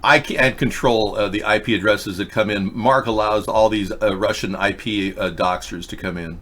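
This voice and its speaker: A man hosting a political talk show, ranting in a rambling monologue, lurching from loud high outbursts to low mutters. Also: fairly even intonation, normal speed. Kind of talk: rambling live-stream monologue.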